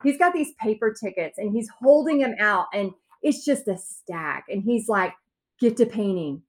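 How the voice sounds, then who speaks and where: A woman's voice: mid-range voice, lively intonation, normal speed. A woman guest telling her own story in a podcast interview, acting out quotes with big swings in her voice.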